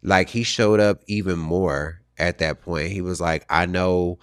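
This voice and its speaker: A man with a very low voice tells a personal story on his podcast. He sounds reflective and halting, often trailing off and starting again. The sound is dry and close to the mic. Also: steady tone, clear, resonant tone, no room sound. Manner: reflective, halting with restarts and fillers. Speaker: podcast host.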